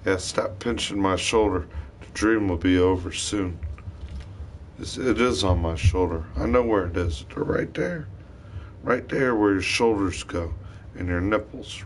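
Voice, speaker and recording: A man's voice: deep voice, a little slow, a little hiss or hum. A man talking in a rambling, wandering monologue, swearing often as he tells his story.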